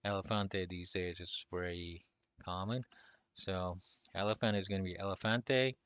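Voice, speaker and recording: A man teaching a relaxed online lesson, speaking loosely with lots of fillers and chuckles. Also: low voice, moderate pace, smooth, dry recording, highs cut off. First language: not Spanish. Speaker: language teacher.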